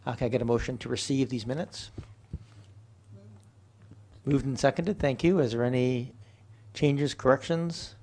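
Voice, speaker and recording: A man chairing a council meeting as its mayor. His pitch sits in the middle range for a man. He talks in a measured, procedural way with small hesitations, recorded in a council chamber. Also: darkish tone.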